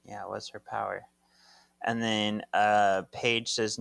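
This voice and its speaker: A man with a low, smooth, resonant voice, co-hosting a casual podcast about comics. His sound is dry and close to the mic, and he narrates scenes with nerdy jokes and attempts at character voices. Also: little pitch movement, slow, fairly bright tone, no room sound. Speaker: podcast co-host. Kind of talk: casual chat retelling a comic.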